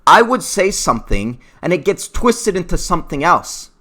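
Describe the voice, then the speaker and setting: Man, heated hockey rant, bright voice, lively swings in pitch. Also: moderate pace. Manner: heated, emotional, rising to shouting. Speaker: hockey commentary vlogger. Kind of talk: unscripted opinion rant.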